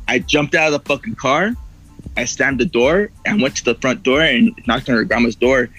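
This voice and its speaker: A man's voice: medium pitch, normal speed, a bit bright, soft background music, poor audio. A man telling a long story in casual chat, swearing a lot and acting out what people said. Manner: rambling, heavy swearing, acts out quoted voices. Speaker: podcast guest.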